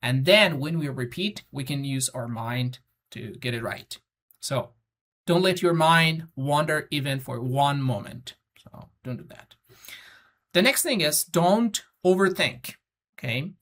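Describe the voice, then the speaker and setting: A teacher patiently explaining a test-prep lesson, often pausing on fillers and checking in with the students. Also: medium pitch, expressive, fairly bright tone. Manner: patient, repetitive, frequent "uh" fillers and "okay?" checks; instructive, gives spoken examples.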